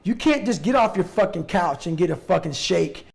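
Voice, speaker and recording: Intense, gravelly man swearing bluntly. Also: sits high, expressive, moderate pace, darkish tone. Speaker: interview guest. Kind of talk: motivational talk.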